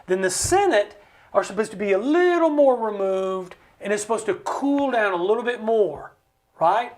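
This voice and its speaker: Animated man explaining with passion. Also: high-pitched, normal speed. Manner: animated, acts out quoted voices, jokey asides. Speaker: guest. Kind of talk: impassioned conversational explanation. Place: recording studio.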